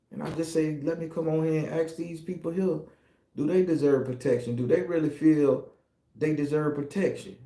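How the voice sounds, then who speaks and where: A middle-aged Southern American man, a tarot reader, delivers a preachy, profane and confessional spiritual monologue in an echoey room. His voice is fairly high, creaky and warm.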